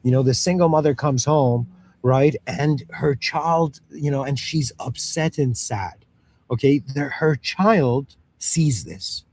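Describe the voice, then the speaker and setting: A man's voice: medium pitch, slow, a little mellow. A man in his thirties with Middle Eastern roots giving a casual spoken lecture, full of "you know" and "okay", acting out little dialogues. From Middle East. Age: 30s. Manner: acts out parent and child voices.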